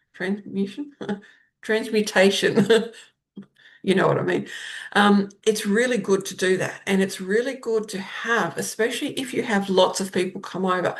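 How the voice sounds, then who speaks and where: A woman hosts her own podcast in a relaxed, conversational way, with a voice of ordinary pitch. She trips over a word now and then and laughs it off, and her sentences often fade to a softer close. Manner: chatty and warm about crystals, laughs at her own stumbles over words. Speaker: podcast host, spiritual guide. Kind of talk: casual solo podcast talk.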